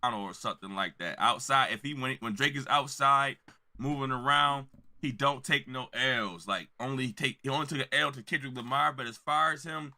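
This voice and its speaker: A man hosting a reaction video, loud and laughing, repeating punchlines as he reacts. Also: mid-range voice, normal speed. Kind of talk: excited reaction commentary.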